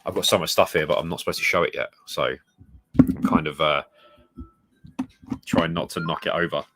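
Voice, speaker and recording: A man's voice: very deep voice, fairly even intonation, normal speed, heavy background noise. A man chatting casually on a live stream at home, rambling and greeting viewers by reading out their comments. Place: home room full of retro games. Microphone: desk mic moved close.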